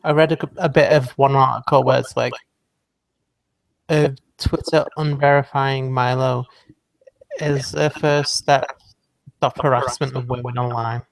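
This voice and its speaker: A man co-hosting a casual chat, speaking in a hesitant, dry way with many pauses and ums. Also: mid-range voice, flat delivery, vocal fry, no echo. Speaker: podcast co-host.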